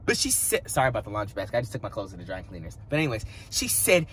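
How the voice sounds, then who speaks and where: A man giving a casual music review, excitable and dramatic, gushing with slang as a devoted fan. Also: on the low side, racing, a little hiss or hum. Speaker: music reaction vlogger.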